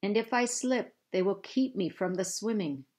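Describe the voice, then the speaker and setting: A woman's voice: mid-range voice, normal speed, darkish tone, close to an everyday voice. A woman voicing an injured male Scottish pilot straining to stay above water. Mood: strained.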